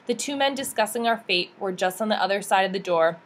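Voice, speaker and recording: A woman reads a memoir aloud with steady, earnest storytelling. Her pitch sits in the middle of the range and her delivery stays plain and sincere, never theatrical. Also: fast. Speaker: audiobook reader.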